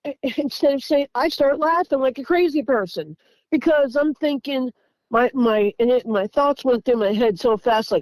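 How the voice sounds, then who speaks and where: A woman, telling her own story in a casual, halting way, with frequent restarts. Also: a little high, darkish tone, dry recording, rough recording. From Tennessee. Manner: halting, repeats words, restarts sentences.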